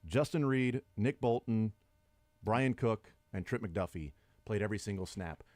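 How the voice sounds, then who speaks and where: A man's voice: lowish voice, lively intonation, measured pace, darkish tone, no echo. A middle-aged man hosting sports talk radio, chatting and arguing his points at length. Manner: conversational, argumentative, builds long points.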